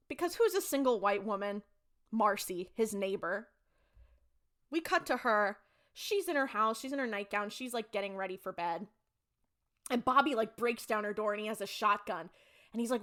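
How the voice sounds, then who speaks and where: A woman's voice: on the high side, expressive, normal speed, a bit bright. A young adult woman co-hosting a podcast, animatedly retelling an episode and acting out the characters' lines. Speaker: podcast co-host. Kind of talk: casual chat recapping a TV episode.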